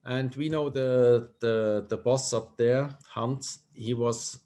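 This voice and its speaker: A man's voice: medium pitch, steady tone, mellow. Casting note: middle-aged Swiss German man, broken English, keeps hunting for the right word, easygoing interview guest. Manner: halting non-native English, searching for words. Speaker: guest, tightrope walker. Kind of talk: casual interview.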